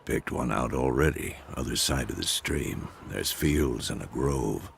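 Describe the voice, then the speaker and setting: Vesemir, a gravelly old witcher. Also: a bass voice, measured pace, a little hiss or hum, exaggerated voice. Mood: dry. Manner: dry teasing, seasoned and matter-of-fact. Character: grizzled old male witcher mentor, gruff and wry. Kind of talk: video game dialogue.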